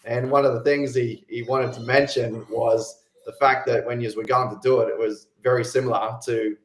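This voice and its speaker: A man hosting as a fitness coach, asking questions in a relaxed, halting way with fillers. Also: mid-range voice. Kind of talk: casual interview questions. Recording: echoey room.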